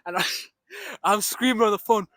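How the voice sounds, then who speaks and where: A young man telling a story about his day, swearing freely and acting out the shouts and the other voices. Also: sits high, big pitch swings, moderate pace, no echo. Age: young adult. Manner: swears freely, retells with reenacted shouts and asides. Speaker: storyteller vlogger. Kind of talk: animated storytime monologue.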